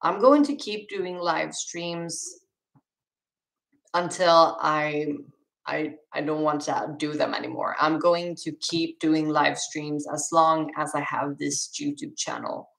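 A woman's voice: sits low, slow, gravelly, a bit bright, poor audio. A young woman with a Swedish accent, casually reading chat questions aloud on a live stream and answering them with restarts and laughs. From Sweden.

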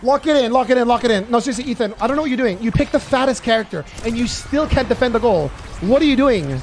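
A man doing live gameplay commentary, cursing and excitedly trash-talking his teammates. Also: extremely high pitch, fast talker, soft background music. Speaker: gaming YouTuber.

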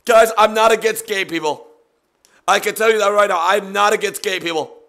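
A man streaming a mock ASMR painting show, talking in hushed, soft-spoken patter that breaks into shouting rants. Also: high-pitched, brisk, creaky.

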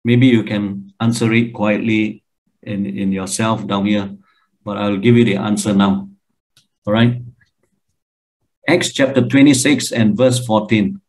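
An older man lecturing on the Bible, emphatic and animated, often asking his listeners questions. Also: unhurried, long pauses, poor audio. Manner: emphatic, animated, with pitch jumps and repeated questions to the audience.

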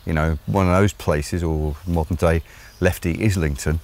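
A deep-voiced man with an English accent talks on his own channel, musing aloud at length. He hesitates often with ums and uhs, then drops blunt, sardonic remarks. His delivery stays low and grounded throughout. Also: fairly even intonation, normal speed, darkish tone. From England. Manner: rambling, hesitant, many fillers. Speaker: vlogger host. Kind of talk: opinionated solo commentary.

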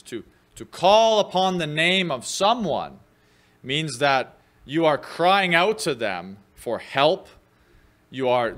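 A man with a fairly high, somewhat bright voice delivers a midweek sermon as pastor in a church. His teaching is conversational and full of fillers, and his voice lifts whenever he reads scripture aloud.

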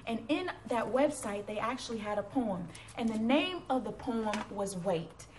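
A woman's voice: a little high, lively intonation, moderate pace, a little hiss or hum. A woman giving an earnest, encouraging devotional sermon and reading a poem with growing fervor, speaking to her computer camera. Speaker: Christian speaker. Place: at home before a computer. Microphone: computer webcam.

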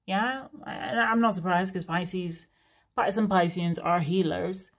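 A woman's voice: lowish voice, steady tone, slow pace. A woman giving a casual, frank tarot reading to her viewers, chatty with many fillers and asides. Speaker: tarot reader.

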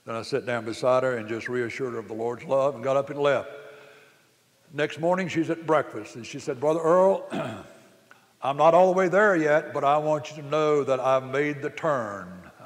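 A man preaching a sermon, telling a story that rises to loud, emphatic exclamations. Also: medium pitch, moderate pace. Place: camp meeting hall. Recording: long reverb of a hall.

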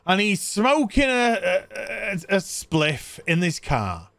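A man recapping a film with mocking disbelief, his voice fairly high and swooping widely. He talks in an unhurried way, and the sound is dry and close. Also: big pitch swings, vocal fry, fairly bright tone, no room sound. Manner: mocking, incredulous, laughing. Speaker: podcast host. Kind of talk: comic movie recap.

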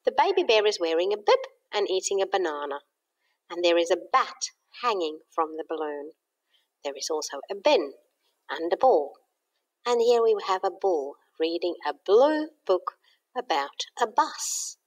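Lively teacher woman sounding out letters. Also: on the low side. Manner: slow, clear sounding out of letters for young children. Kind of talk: home learning phonics lesson.

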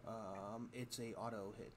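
A man's voice: fairly low pitch, fairly even intonation, measured pace. A man playing a tabletop game in casual chat, talking in a hesitant way with fillers. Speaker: player. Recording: voice chat with background noise.

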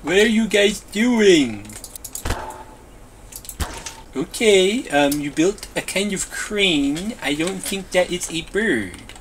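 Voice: medium pitch, animated, slow, long pauses, slight background noise. A performer voicing a bossy, childish overseer figure who calls itself a bee, ordering builders about in whiny, broken-grammar comedy machinima lines. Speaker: boss directing the builders.

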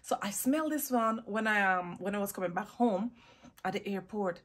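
A woman's voice: medium pitch, moderate pace. A woman chatting casually in a perfume haul vlog, gushing and drawing out words for emphasis, recorded close on a phone or camera mic. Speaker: fragrance vlogger.

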